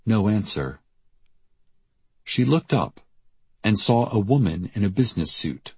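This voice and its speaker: Low raspy guy reading a story out loud, deadpan, super dry sound. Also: a little slow, pauses often, no room sound. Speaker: narrator. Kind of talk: audiobook narration.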